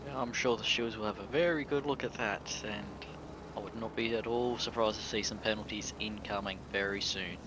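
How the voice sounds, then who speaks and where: A man co-commentating an online race in a measured, matter-of-fact way. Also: fairly low pitch, steady tone, background noise. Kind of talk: sim racing commentary.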